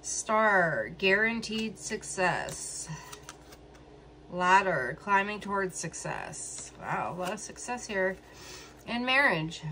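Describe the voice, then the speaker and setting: Slow, hesitant woman reading tarot. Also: mid-range voice, expressive, pushed and bright, slight background noise. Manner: slow, hesitant, thinking aloud. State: emotional. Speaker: tarot reader. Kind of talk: casual solo tarot reading.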